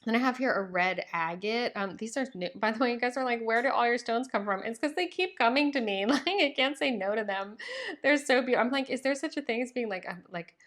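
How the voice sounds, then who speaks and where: A woman's voice: on the high side, brisk, fairly bright tone. Gushing, affectionate woman tarot reader. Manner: gushing and affectionate, many ums and likes. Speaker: tarot reader and channel host. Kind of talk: casual tarot reading to camera.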